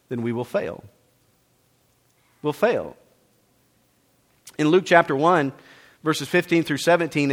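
A man with a high voice preaches a sermon with fervor, rising as he reads scripture and acts out questions and answers. For illustrations he settles into a quieter, chatty tone. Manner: preaching with rising fervor, acting out quoted exchanges; drops to a quiet, conversational tone for illustrations.

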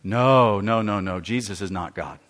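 A man voicing an insistent woman phone caller who flatly repeats her denials, within a sermon story. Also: on the low side, normal speed, pitched below the performer's own voice, lightly acted.

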